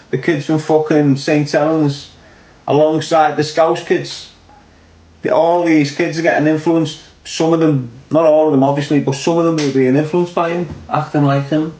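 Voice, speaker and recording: On a podcast, a man with a Liverpool accent goes on an opinionated rant, blunt and full of swearing, repeating his points to drive them home. His voice is fairly high with little pitch movement and a slightly mellow quality, at a moderate pace, and the room is echoey.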